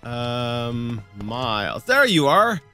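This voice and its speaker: A man's voice: medium pitch, very animated, drawn-out words, bright, forceful tone, soft background music. A man casually commenting on his gameplay as host, rambling and often stammering over repeated words. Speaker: let's play host.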